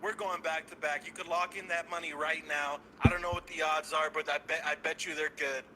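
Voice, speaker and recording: A man calling into a show, ranting with loud, cocky excitement and swearing. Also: on the high side, a little fast, slight background noise, rough recording. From San Francisco Bay Area. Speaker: caller. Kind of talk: hyped fan call-in rant.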